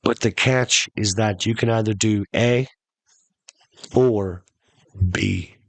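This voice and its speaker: A man voicing a casual, offhand male genie who talks in an unhurried, matter-of-fact way. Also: lowish voice, steady tone, creaky, no echo, exaggerated voice. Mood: explaining.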